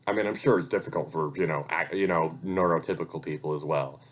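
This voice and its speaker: A man's voice: extremely low pitch, quick pace. A young man talking in a casual, rambling vlog update, swearing freely and getting heated when he vents. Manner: rambling and profane, gets heated when venting. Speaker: vlogger and hobby voice actor. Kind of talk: casual life-update rant.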